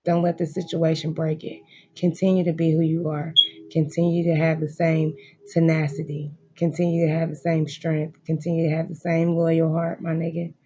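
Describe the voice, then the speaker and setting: Speaking at normal speed in a completely flat, mellow mid-range voice, a tarot reader works through a card reading in a home room, with dull audio. The talk to viewers is emphatic and emotional, looping back to encouraging lines and cursing freely.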